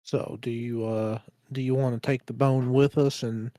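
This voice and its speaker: A man's voice: medium pitch, little pitch movement, moderate pace, mellow, dry recording. A man playing a tabletop game, talking in a hesitant way with lots of fillers. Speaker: player. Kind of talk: casual tabletop play.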